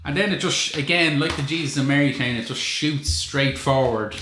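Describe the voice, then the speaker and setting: A man's voice: medium pitch, normal speed, pushed and bright. A man co-hosting a podcast, reviewing a film in a casual, wry and sweary way. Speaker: podcast co-host. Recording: echoey room with faint noise.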